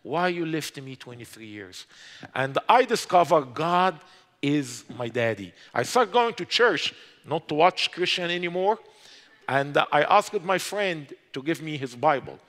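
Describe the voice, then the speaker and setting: High-voiced Egyptian man preaching in a reverberant hall. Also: lively intonation, a bit bright. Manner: impassioned, rising to urgent exhortation; halting non-native grammar. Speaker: speaker giving his conversion testimony. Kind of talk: preached testimony. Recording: long reverb of a large hall.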